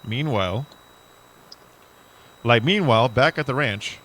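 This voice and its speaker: A man's voice: medium pitch, animated, measured pace, fairly bright tone. A man co-hosting a podcast in casual chat, rambling and joking, swearing freely as he talks. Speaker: podcast co-host. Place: indoors, dim room.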